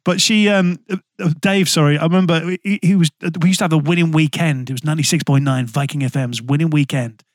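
A man's voice: fairly high pitch, fast, no echo, clean studio sound. A man hosting a podcast interview, chatty, with frequent stammering restarts. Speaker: podcast host.

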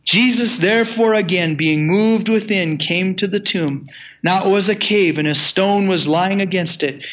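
An older man preaching a sermon, reading scripture aloud in measured tones and then retelling it casually with chuckles. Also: sits high, a bit bright. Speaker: pastor.

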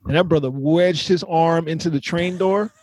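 A high-pitched man talks loosely on a podcast, full of animation as he slips into quoted voices and laughs along the way. The sound is close and dry, with no room around it. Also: moderate pace, no room sound. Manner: animated storyteller, acts out quotes, laughs often. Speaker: co-host. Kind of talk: casual chat.

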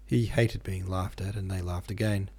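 A man hosting a podcast, reading a classic novel aloud in steady, measured narration. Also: low voice, breathy edge. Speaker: podcast host and reader. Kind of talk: audiobook narration.

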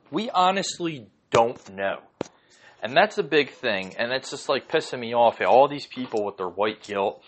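A man hosting a podcast from home, ranting casually and heatedly, swearing often and rambling through lots of fillers. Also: medium pitch. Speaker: podcast host. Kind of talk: casual rant.

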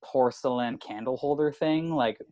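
With slight background noise behind him, a male stand-up comedian tells a long, rambling story in casual conversation, swearing and filling every gap with "like." His medium-pitched voice is a little mellow and moves at a moderate pace.

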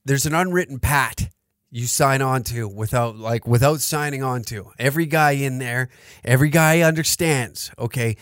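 A man's voice: mid-range voice, fairly bright tone, no echo, clean studio sound. A man hosting a podcast, riffing in a crude, rambling comedic monologue full of swearing. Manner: profane, rambling, joking. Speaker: podcast host.

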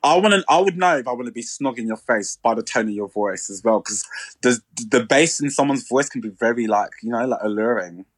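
A man, co-hosting a podcast in a chatty, animated way. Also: medium pitch, fairly quick, no room sound. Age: 30s. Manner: chatty, animated, playful mimicry. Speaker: podcast co-host. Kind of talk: casual chat.

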